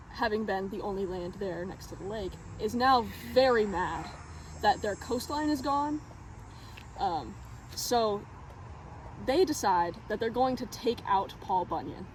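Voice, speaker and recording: A woman improvising a mock-serious tall tale, deadpan and often breaking into laughter. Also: medium pitch, noisy background. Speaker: storyteller.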